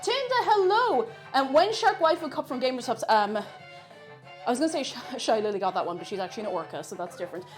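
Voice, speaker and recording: Young Irish woman, a bright-pitched and chatty live-stream host, with faint music behind her. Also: lively intonation, fast. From Ireland. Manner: chatty, reads out chat messages. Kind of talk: casual live-stream chat while cooking.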